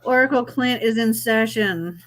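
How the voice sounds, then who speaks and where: A woman hosting a casual live-stream chat, chatty and quick to laugh as she reads out viewer comments. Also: a little high, fairly bright tone. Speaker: live show host reading chat comments.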